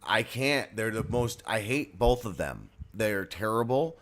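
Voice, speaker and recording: A man's voice: on the low side, lively intonation, a little slow, fairly bright tone. A man co-hosting a casual chat with sardonic jokes. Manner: sardonic, joking. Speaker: podcast co-host.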